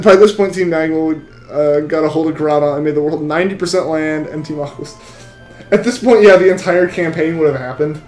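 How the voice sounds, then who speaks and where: A man's voice: a little high, darkish tone, echoey room. A young man live-streaming a game, chatting with viewers in a rambling, casual way. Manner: rambling, chatty, full of restarts. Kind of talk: live-stream chat while shiny hunting.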